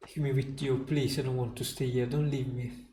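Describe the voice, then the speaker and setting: Guy reading a tearful little girl begging, gravelly flat voice, echoey room. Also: mid-range voice, normal speed, slight background noise, close to an everyday voice. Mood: pleading. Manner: pleading, tearful. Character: dying little girl, feverish and pleading. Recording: roomy echo, faint music.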